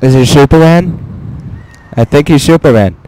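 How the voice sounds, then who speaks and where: A young man giving profane, excitable let's play commentary, talking to himself as he plays. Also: a little high, moderate pace, a little hiss or hum. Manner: profane, excitable, talks to himself while playing.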